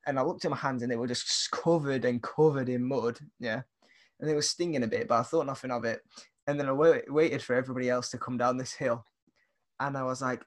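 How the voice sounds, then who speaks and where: A young man with a British accent telling a rambling, animated story in casual chat, often laughing as he goes. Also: mid-range voice, quick pace. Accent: British English.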